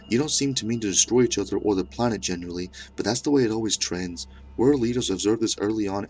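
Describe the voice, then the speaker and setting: Old Scottish scientist, brisk and matter-of-fact, low gravelly voice, put on by a man reading a story. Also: close to an everyday voice. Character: frantic older male scientist, Scottish.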